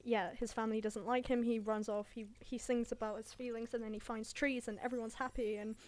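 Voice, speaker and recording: A woman casually recapping a film in an offhand, irreverent way, swearing and filling pauses with ums and likes. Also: fairly high pitch, little pitch movement, darkish tone. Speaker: video creator summarizing a film.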